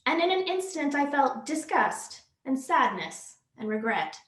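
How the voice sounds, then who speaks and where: A woman reads comic prose aloud in a high voice that swings widely in pitch. Her delivery is wry and expressive. The sound carries a roomy echo. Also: measured pace. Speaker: reader at a library storytime.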